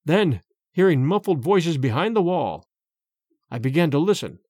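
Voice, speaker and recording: A man narrating a story in a measured, expressive way. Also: on the high side, dry recording, studio quality. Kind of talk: storytelling reading.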